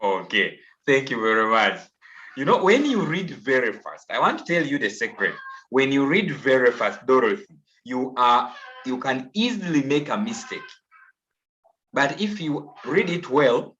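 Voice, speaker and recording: A man with a Ugandan English accent teaches an online class, patiently coaxing pupils and repeating himself. His voice is medium-pitched and a bit bright, heard through a video call with dull, lo-fi audio and a little hiss or hum.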